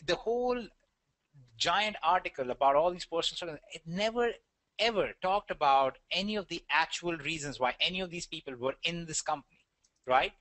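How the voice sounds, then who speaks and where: A man's voice: high voice, bright, forceful tone, no echo. A man with an Indian accent presenting an online webinar, talking earnestly with a rambling delivery and many fillers.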